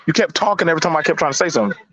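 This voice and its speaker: A man's voice: on the high side, lively intonation, rapid-fire, a bit bright. A man, arguing bluntly and emphatically in a heated casual debate, with slangy talk and repeated words. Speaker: panelist. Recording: dull lo-fi audio.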